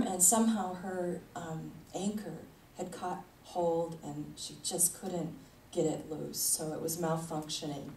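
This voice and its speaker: A woman spiritual leader delivers a conversational sermon, chuckling often, her voice on the low side and mellow. It's recorded in an echoey hall with the mic at a distance and faint noise.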